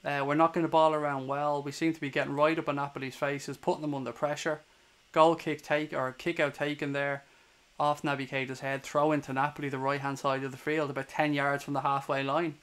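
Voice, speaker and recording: A young Irish man giving live play-by-play commentary for a fan watchalong stream, brisk and partisan, swearing freely when annoyed. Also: on the high side, flat delivery, fairly bright tone, clean tone. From Ireland. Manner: swears hotly at opposing players.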